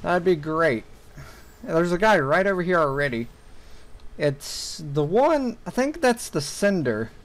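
A man's voice: a little high, very animated, measured pace, low-quality recording. A young man commentating his own gameplay, talking to viewers and ranting with lots of swearing when things go wrong. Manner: frustrated ranting with heavy swearing. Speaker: gaming YouTuber.

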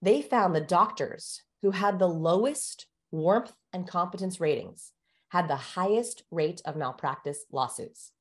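With a fairly low pitch, a woman serving as the interview's guest expert lays out ideas in an animated, teacherly style. Her pace rises and falls to add emphasis.

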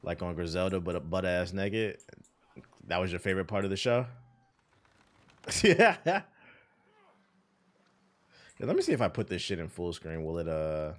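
A man giving casual, profane, joking commentary while playing a video game on stream. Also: sits low. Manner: loose, profane, laid-back joking.

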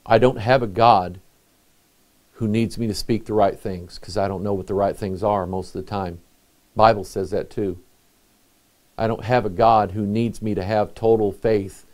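A middle-aged male pastor with a lowish voice preaches in a plain, earnest, conversational manner. He speaks directly to his listeners and pauses between thoughts. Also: steady tone, a little mellow. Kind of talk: sermon.

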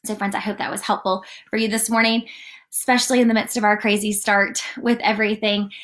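A woman giving a casual morning devotional, chatty and animated, often saying "like" as she reads and talks. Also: mid-range voice, brisk. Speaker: church devotional leader.

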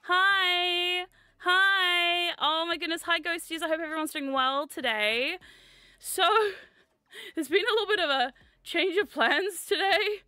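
Woman streamer, young, excitable and giggly, high bright voice. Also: no echo, clean studio sound. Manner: excitable, giggly, quick reactions. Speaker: streamer, host. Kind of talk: casual livestream chat.

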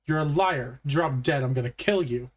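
A man voicing an angry, bullying schoolboy who shouts and snarls threats in a storybook reading. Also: medium pitch, moderate pace, close to an everyday voice. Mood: furious.

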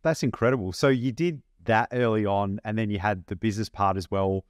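A man's voice: fairly low pitch, brisk, dry recording, studio quality. A man co-hosting a podcast, asking curious questions and teasing his friend in a casual way. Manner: curious, teasing questioner, calls people "mate". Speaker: podcast co-host.

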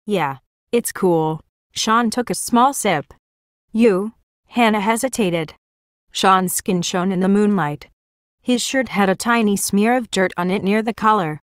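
A woman's voice: medium pitch, a little slow, no room sound. Woman narrating an audiobook, dry sound. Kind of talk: audiobook reading.

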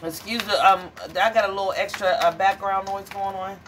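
A woman's voice: medium pitch, fairly even intonation, fairly quick, background noise. A woman giving a casual tarot reading to viewers, blunt, profane and dramatic, calling them honey and child. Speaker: tarot reader.

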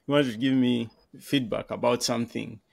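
A man's voice: medium pitch, steady tone, normal speed, gravelly, darkish tone, dry recording, clean studio sound. A man talking casually as a podcast guest, laughing often and repeating words while he thinks. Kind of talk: casual conversation.

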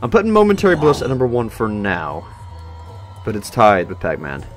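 A young man casually rambling and reacting to songs as a host, excitable and self-mocking. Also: lowish voice, normal speed. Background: faint song music playing.

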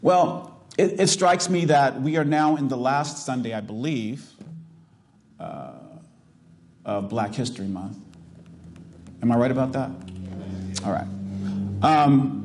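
A man's voice: mid-range voice, animated, takes it slowly, pauses often, darkish tone, a little hiss or hum. A middle-aged male pastor from the US South with a Californian accent, preaching emphatically and asking the congregation rhetorical questions. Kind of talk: sermon.

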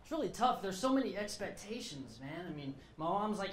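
A man's voice: high-pitched, big pitch swings, a little fast, few pauses, echoey room. A young man from Texas doing stand-up comedy on a club stage, casual and slangy. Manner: casual, slangy, self-deprecating.

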